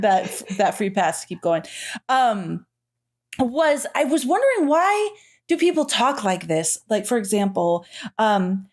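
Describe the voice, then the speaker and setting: A woman's voice: medium pitch, sing-song, slow. A woman co-hosting a podcast in casual chat, laughing often, swearing, and acting out lines from a movie. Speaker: podcast co-host.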